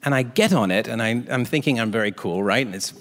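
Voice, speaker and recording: A man's voice: mid-range voice, quick pace, in a large hall. A man telling a comic anecdote as a talk show guest, acting out the other people in it. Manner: animated storyteller doing voices of others.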